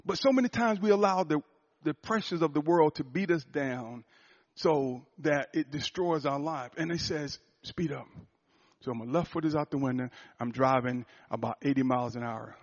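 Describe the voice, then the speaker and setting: A man giving a sermon testimony as a church speaker, preaching emphatically and dropping to a hushed storytelling tone. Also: on the high side, normal speed, lo-fi sound.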